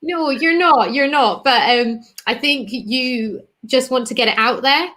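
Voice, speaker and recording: A woman's voice: high voice, unhurried, bright, forceful tone. A woman in her fifties, a podcast guest, chatting casually in an encouraging way and laughing often. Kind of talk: casual chat.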